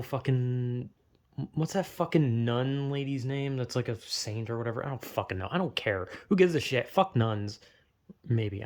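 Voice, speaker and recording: A man's voice: medium pitch, a little mellow. A young man in a rambling, profane, self-deprecating casual monologue, full of fillers and restarts.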